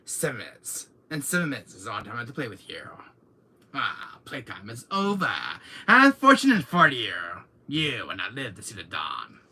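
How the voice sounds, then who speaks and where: A man doing an impression of a cold, menacing male villain in sunglasses, talking slowly, low and quietly. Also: huge pitch swings, breathy edge, exaggerated voice. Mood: cold menace. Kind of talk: amateur impression of a game villain.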